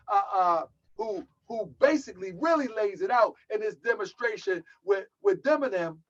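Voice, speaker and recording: A man giving emphatic preaching commentary as a religious teacher, slowing down and repeating lines for stress. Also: sits high, fairly bright tone. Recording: dull lo-fi audio.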